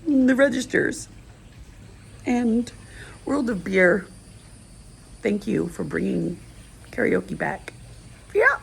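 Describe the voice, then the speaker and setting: A woman's voice: medium pitch, sing-song, slow, creaky, long pauses, a little hiss or hum, rough recording. A middle-aged woman rambling emotionally in a personal video monologue. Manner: rambling, emotional, stream-of-consciousness. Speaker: vlogger.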